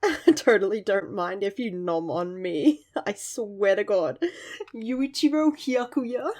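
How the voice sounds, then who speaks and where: A young woman reviewing a manga chapter in casual chat, gushing and giggling often, with lively asides. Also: mid-range voice, takes it slowly.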